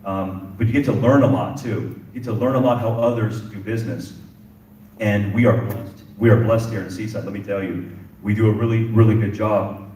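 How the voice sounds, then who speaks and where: A man's voice: fairly low pitch, steady tone, moderate pace, dark tone, slight background noise. A middle-aged man, a police chief, giving a passionate speech at a community symposium, repeating phrases for emphasis. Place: event hall indoors. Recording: echoey room with distant mic.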